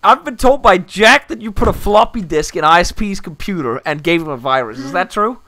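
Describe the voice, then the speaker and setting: A man's voice: high-pitched, expressive, brisk, background noise. A man streaming a multiplayer game, bossily playing the office manager with his friends and laughing often. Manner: bossy, laughing, role-playing a boss.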